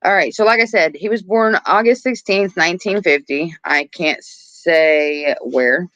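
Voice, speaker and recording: A woman's voice: on the low side, measured pace, fairly bright tone, no room sound, dull audio. A woman co-hosting a casual podcast, chatting loosely, laughing often, swearing freely and poking fun at herself. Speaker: podcast co-host. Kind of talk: casual chat.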